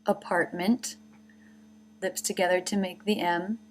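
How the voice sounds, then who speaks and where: A woman teaching pronunciation in a slow, deliberate voice with a middle pitch. She draws out each vowel as she demonstrates it, like a careful instructional narration. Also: soft background music.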